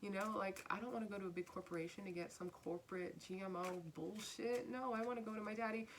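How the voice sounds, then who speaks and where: A woman's voice: mid-range voice, steady tone, quick pace, background noise. A woman giving a casual spiritual tarot reading, earnest and repeating her phrases, sometimes dropping to a whisper. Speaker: tarot reader.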